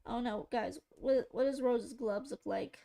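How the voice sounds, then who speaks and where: A woman's voice: fairly high pitch, moderate pace, gravelly, dark tone. A woman streaming as she draws, chatting with viewers in a giggly, rambling way and trying out silly voices. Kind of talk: casual live-stream chat while drawing.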